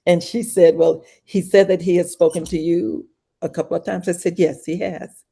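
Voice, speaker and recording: Low, mellow-voiced older woman telling a story. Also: little pitch movement, normal speed, vocal fry, husky. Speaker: podcast guest. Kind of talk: animated anecdote in a casual interview.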